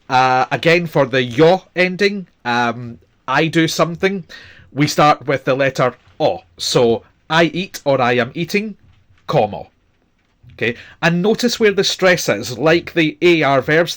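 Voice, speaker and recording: A man's voice: on the high side, fairly bright tone. A man teaching a Spanish grammar lesson, explaining patiently and checking in with "okay?" as he goes. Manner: patient, repeats "okay?" often. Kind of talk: language lesson.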